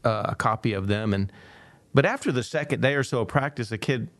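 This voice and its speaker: A man co-hosting a panel talk, telling a long story and acting out the people in it with lively quoted voices. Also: medium pitch, a little fast, no echo. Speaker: podcast co-host.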